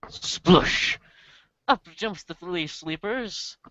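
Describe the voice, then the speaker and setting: Bright-voiced man narrating a pony role-play. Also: mid-range voice, normal speed, clean tone, no room sound. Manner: casual, playful, chuckling asides. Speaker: game master. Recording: muffled dry lo-fi recording.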